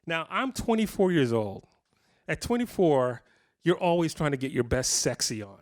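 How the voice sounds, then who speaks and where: Guy in his 50s telling funny guitar stories to a crowd, kinda high voice, laughs a lot. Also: normal speed. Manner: animated, jokey anecdotes with frequent laughs. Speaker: guitarist giving a clinic. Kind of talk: casual storytelling to a live audience.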